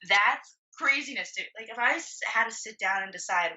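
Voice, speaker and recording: A young woman with a bright, sharp voice tells her story in a loose, candid way, swearing freely and leaning on "like". She sounds set back from the mic, and the recording is dull and a bit muffled. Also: fairly high pitch, lively intonation, measured pace, recorded from a distance. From Florida. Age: 20s. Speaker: podcast guest, bodybuilding competitor. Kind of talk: casual storytelling.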